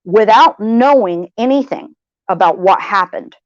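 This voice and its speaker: A woman venting to her livestream viewers, blunt and heated, swearing freely and circling back to the same phrases. Her voice sits at a middling pitch. The audio is slightly dull and dry. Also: expressive, unhurried, dry recording. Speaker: livestream host. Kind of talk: venting personal story to viewers.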